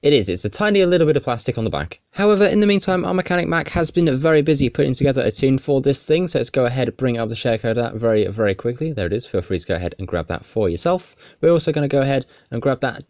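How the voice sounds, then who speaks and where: A man's voice: medium pitch, a little mellow, no echo, studio quality. A man, hosting a casual car game walkthrough in an upbeat, wry voice. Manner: upbeat, wry, playful emphasis. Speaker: car game video host. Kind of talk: casual gameplay walkthrough commentary.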